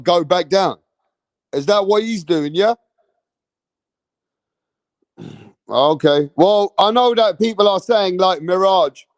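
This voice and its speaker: High-voiced British man ranting at chat. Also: no room sound. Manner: animated, slangy, talks straight to chat. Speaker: boxing stream host. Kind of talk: casual live-stream commentary.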